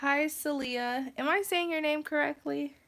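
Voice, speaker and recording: A woman's voice: high voice, measured pace, vocal fry, fairly bright tone. A woman with a nasal, congested voice, hosting a casual tarot live stream, chatty and full of fillers. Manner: chatty, many fillers, laughs often. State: congested from travel.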